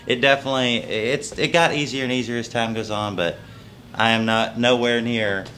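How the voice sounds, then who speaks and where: A man's voice: mid-range voice, steady tone, moderate pace, sharp tone, slight background noise. Humble young man with a Texas drawl. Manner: earnest and humble, rambling with restarts. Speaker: country singer and guitarist. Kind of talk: casual interview.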